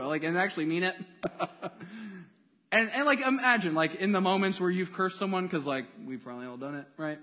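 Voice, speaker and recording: Casual, lively preaching man in a hall. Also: high-pitched, brisk. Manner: casual, conversational preaching with slang and rhetorical questions. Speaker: pastor. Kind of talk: sermon.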